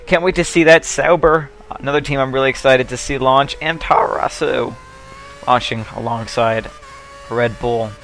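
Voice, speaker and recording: A man's voice: mid-range voice, steady tone, normal speed, fairly bright tone. A young man giving casual, rambling commentary over a racing video game, joking and swearing as he goes. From United States.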